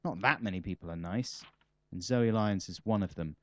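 A man's voice: on the low side, moderate pace, no echo. A man, a comedian being interviewed, chatting casually in a rambling, self-mocking, wry way. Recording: slightly muffled dry recording.

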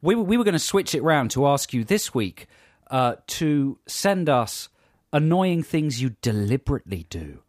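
A man hosts a radio show and rambles through a story, stumbling over his words with amusement. His pitch moves a lot. The studio sound is close and dry. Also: big pitch swings, unhurried, darkish tone, no echo. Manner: hesitant, self-amused, rambling anecdotes. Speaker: radio host. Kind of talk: casual radio banter.

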